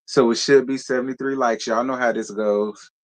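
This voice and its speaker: A man hosts a casual live stream and talks straight to his viewers. He is sassy and animated, with a mid-range voice. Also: mid-range voice, moderate pace. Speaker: live show host.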